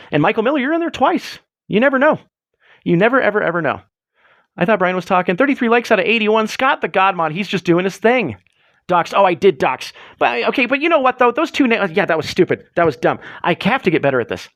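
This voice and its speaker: Excitable man hosting a live stream. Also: high-pitched, no echo, studio quality. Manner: excitable, rambling, sarcastic. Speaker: livestream host. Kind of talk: casual live-stream chat.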